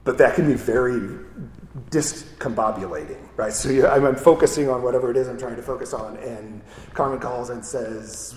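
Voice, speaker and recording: A man's voice: medium pitch, moderate pace, slight background noise. A man preaching a conversational sermon, often asking "right?" and restarting his words. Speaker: pastor. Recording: echoey hall with faint ambience.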